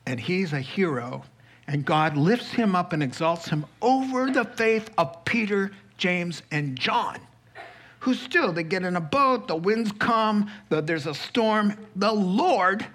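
A male preacher with a slightly high voice, delivering a sermon at a slow, deliberate pace. He acts out scripture scenes in dialogue and jumps into sudden raised, emphatic lines. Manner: animated, acts out biblical figures in dialogue.

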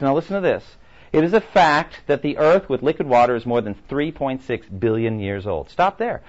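A man leads a lecture-style class with an emphatic delivery and a steady stream of rhetorical questions. His voice leaps up and down in pitch. The recording is muffled and lo-fi. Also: normal speed. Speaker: Bible class teacher. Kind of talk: lecture with read-aloud quotes.

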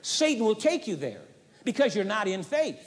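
High-voiced emphatic man preaching. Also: big pitch swings, normal speed. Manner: emphatic, repeats phrases for stress. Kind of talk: sermon. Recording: long hall reverb, 1980s audio tape.

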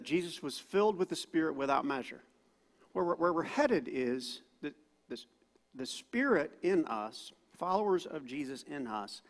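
Animated pastor preaching in a big hall. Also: male voice, a little high. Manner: animated, acts out quoted voices loudly. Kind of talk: sermon. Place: church auditorium. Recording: long hall reverb.

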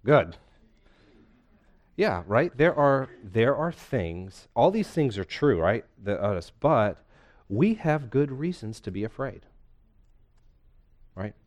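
A man's voice: medium pitch, sing-song, slow pace, long pauses, a little mellow, highs cut off. A man preaching a conversational sermon to a congregation, asking them questions and retelling a scene. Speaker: pastor. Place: church hall with a congregation.

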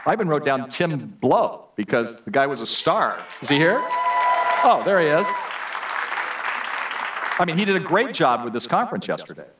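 A man's voice: on the high side, very animated, moderate pace, pauses often, recorded from a distance, a loud crowd, very noisy. A man preaching to a church congregation in a chatty storytelling way, full of asides and "you know". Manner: conversational storytelling with many asides. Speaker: guest preacher. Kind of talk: sermon.

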